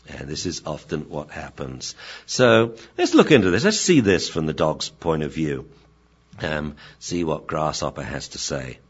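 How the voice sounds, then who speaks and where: Lively low-voiced man explaining dog behavior. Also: a little slow, husky. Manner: lively storyteller who acts out voices. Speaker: dog behavior expert, lecturer. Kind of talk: explanatory talk. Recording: dull lo-fi recording.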